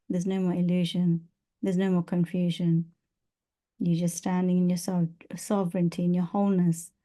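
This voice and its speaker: A woman channeling a loving, protective male archangel, speaking in slow, repetitive blessings. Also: lowish voice, dark tone, lightly acted. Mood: reassuring. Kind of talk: spiritual channeling.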